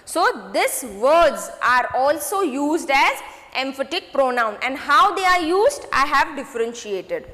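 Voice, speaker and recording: A woman teaching a grade six grammar lesson, repeating points slowly and checking in with students. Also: sits high, sing-song, pushed and bright, big-room sound. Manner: slow, repetitive, addresses students with "okay?" checks.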